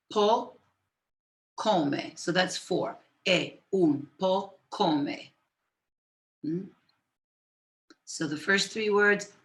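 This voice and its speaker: Slow-paced woman teaching Italian. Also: low voice, a bit bright. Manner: mixes Italian and English, slow dictation, greets viewers. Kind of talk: live-streamed language lesson. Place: home office with computers.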